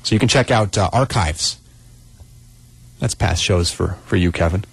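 A man's voice: sits low, moderate pace, vocal fry, breathy edge, dry recording. A man hosting a radio show from a studio, chatting casually and animatedly with his co-host and laughing easily. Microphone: studio microphone.

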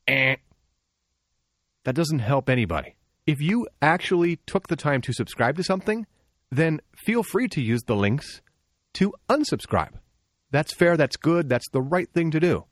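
Lively man co-hosting a radio tech show. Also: a little high, unhurried, pauses often, dry recording, studio quality. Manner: lively, bantering, gives advice directly. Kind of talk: casual radio tech talk.

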